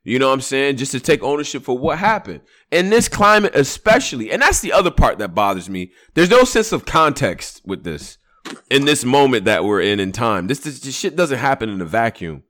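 Man, podcast co-host, emphatic, swears a lot, lively swooping pitch. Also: a little fast. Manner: animated, emphatic, swears freely. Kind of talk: casual chat.

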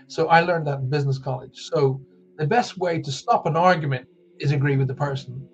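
A man's voice: a little high, a little fast, husky, lo-fi sound, soft background music. An Irish man hosting a live wellbeing show, talking casually and joking as he reads out viewer comments. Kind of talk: casual live-stream talk.

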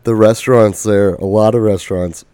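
Laid-back low-voiced podcast man. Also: steady tone, moderate pace, warm tone, clear, resonant tone, no room sound. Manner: laid-back, agreeable, joking. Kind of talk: casual podcast chat.

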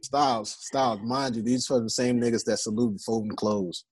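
A man's voice: mid-range voice, fairly even intonation, moderate pace, a little mellow, breathy edge. A man co-hosting a casual podcast chat who jokes and laughs often. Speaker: podcast co-host.

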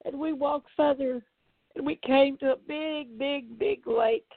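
Older woman, gravelly husky voice, fervent repetitive preaching, tinny phone-like sound. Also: high-pitched, steady tone, unhurried, no room sound. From Tennessee, USA. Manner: fervent, repetitive, earnest pleading. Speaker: evangelist. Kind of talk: preaching testimony.

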